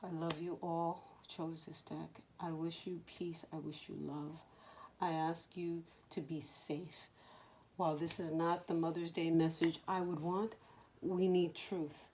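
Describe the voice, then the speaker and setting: A woman giving a spiritual card reading in a slow, soothing voice that sometimes drops to a whisper, choked up with emotion. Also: sits low, level tone, mellow, slight background noise. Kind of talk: soft spoken tarot-style reading.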